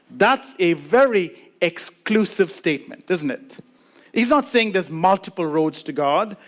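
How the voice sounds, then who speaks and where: A man preaching a sermon as lead pastor, emphatic, repeating key words with dramatic pauses and briefly acting out the voices of doubters. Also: sits high, a bit bright. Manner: acts out quoted voices of doubters.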